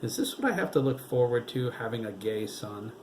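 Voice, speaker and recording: A man voicing a weary middle-aged father who speaks softly with tired sighs. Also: mid-range voice, animated, a little fast, a little hiss or hum, lightly acted. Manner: tired, sighing.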